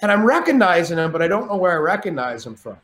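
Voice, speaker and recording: A man spins a loud anecdote with a lot of swearing and tangents. His voice sits a bit high. The sound is roomy and echoey, as if recorded in a cottage. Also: quick pace. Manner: lively, profane, rambling anecdotes. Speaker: podcast guest. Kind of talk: animated storytelling.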